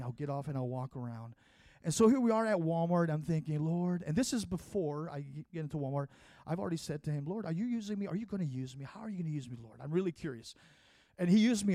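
Man preaching, kinda higher voice, earnest and chatty, lots of restarts, dry sound. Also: darkish tone, no echo. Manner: earnest, conversational, with frequent restarts. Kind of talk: sermon with personal testimony.

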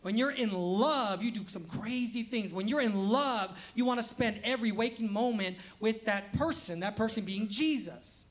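A high-pitched man preaches in a chatty, animated way. He slips into playful quoted voices and jokes at his own expense. He is a pastor speaking to his church. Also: normal speed, few pauses. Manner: conversational, acts out quoted voices, laughs at himself. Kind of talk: lively sermon. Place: church sanctuary.

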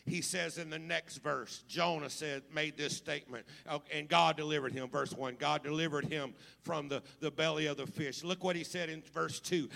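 A male pastor delivers a sermon, moving from easy storytelling to loud, fervent calls at a moderate pace with a steady tone. His voice is high and bright, with gravelly fry at the bottom, and the long reverb of a church hall rings around it.

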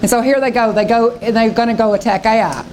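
Lady pastor at a revival, kinda high voice, fiery dramatic preaching. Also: fairly even intonation, fast talker, darkish tone, a little hiss or hum. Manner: fervent, dramatic preaching, acting out scripture voices. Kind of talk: revival sermon.

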